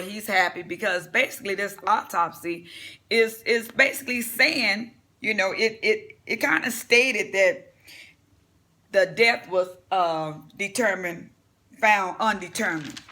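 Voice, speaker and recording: A man's voice: high voice, sharp tone. A man giving casual vlog commentary, blunt and profane, rambling with fillers and telling a personal story. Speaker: vlogger.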